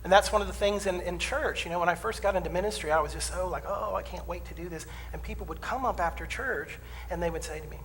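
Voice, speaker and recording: A middle-aged man preaching a conversational sermon as minister, swinging from loud declarations to hushed asides and acting out complaints in quoted voices. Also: high-pitched, fast. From southern United States. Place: church sanctuary. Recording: long hall reverb, faint room noise.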